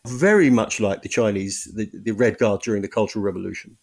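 A male author, speaking as a guest in an interview, thinking aloud with frequent restarts and self-corrections. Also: on the low side. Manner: thoughtful, halting, frequent restarts. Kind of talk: podcast interview.

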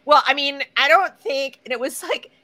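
A woman's voice: high-pitched, normal speed, pushed and bright. Emphatic, sarcastic woman host. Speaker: podcast host. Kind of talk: casual conversational interview.

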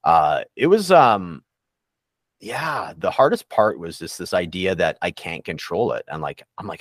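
A man's voice: low voice, very animated, unhurried, no room sound, clean studio sound. A man talking candidly and reflectively in a casual podcast interview, with many fillers and restarts. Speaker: recovery coach guest.

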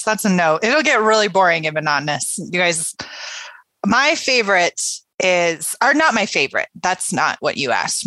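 Female co-host, low voice, upbeat and playful, dry close mic. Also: dry recording, poor audio. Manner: lively, enthusiastic, playful. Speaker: podcast co-host. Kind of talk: casual book podcast chat.

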